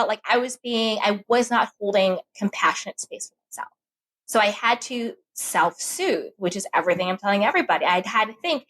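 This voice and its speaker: A woman's voice: medium pitch, a little fast, low-quality recording. A woman guest on a podcast, talking casually and acting out the voices in her head as she tells a story. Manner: animated, acts out her own inner voice.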